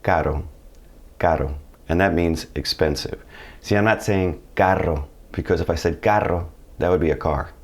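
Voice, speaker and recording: A man with a very low, deep voice talks viewers through a Spanish pronunciation lesson. He explains the rules plainly and slips in friendly jokes along the way. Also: fairly quick. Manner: friendly, joking asides to viewers. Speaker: Spanish teacher. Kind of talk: video language lesson.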